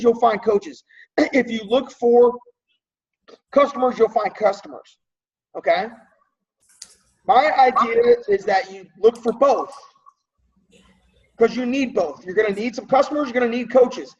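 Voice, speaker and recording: Man, team coach: husky, higher-pitched, conversational, dull lo-fi audio a bit off-mic. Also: a little slow, pauses often, darkish tone, far from the mic. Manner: conversational, checks in often with "right?" and "okay?"; clears throat often. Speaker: team coach leading a training call. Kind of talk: casual coaching talk.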